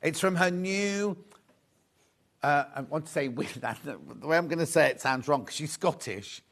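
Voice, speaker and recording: A man's voice: fairly high pitch, expressive, unhurried, creaky, a bit bright. A man presenting a live shopping show, chatty and gushing, repeating his phrases as he shows off fabrics. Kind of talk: live sales chat.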